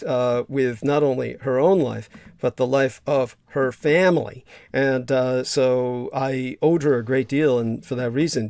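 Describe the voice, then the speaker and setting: A man hosting a casual livestream chat, hoarse from losing his voice, talking haltingly with many fillers and restarts. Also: mid-range voice, a little mellow. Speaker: livestream host.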